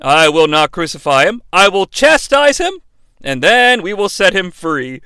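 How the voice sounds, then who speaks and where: Guy doing a tired roman governor, unsure, kinda shrugging it off, bright voice. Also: high-pitched, very animated, a little slow, clear, resonant tone, no room sound, studio quality, voice pushed down, heavily acted. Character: weary male Roman governor, indecisive.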